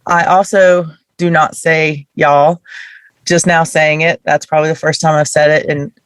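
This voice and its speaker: A woman's voice: low-pitched, little pitch movement, normal speed, smooth, no room sound. A woman from the American South hosting a podcast, asking curious, considered questions. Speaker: podcast host. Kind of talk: interview conversation.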